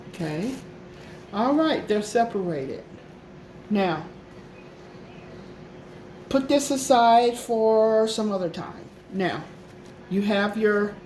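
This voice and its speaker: A woman's voice: mid-range voice, a little mellow, reverberant, a little hiss or hum. A woman hosting a casual craft tutorial, talking in a chatty, repetitive way and often checking in with "okay?". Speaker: craft channel host.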